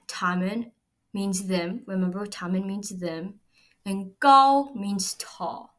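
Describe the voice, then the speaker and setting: A woman explaining a recorded language lesson patiently, step by step. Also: medium pitch. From United States. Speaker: Chinese language teacher.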